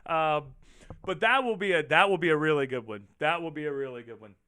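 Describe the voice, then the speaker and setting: A man hosting his own show, chatting casually and rambling with viewers, animated and profane as he reacts to their comments. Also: a little high, a little fast, clean tone, dry recording, studio quality. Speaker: show host. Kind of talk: casual livestream chat with viewers.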